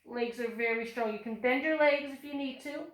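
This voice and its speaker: Heard from across an echoey room on a faraway camera mic, a woman with a fairly high voice teaches yoga to small children. At a normal speed, she cheerfully calls out poses and encourages them step by step.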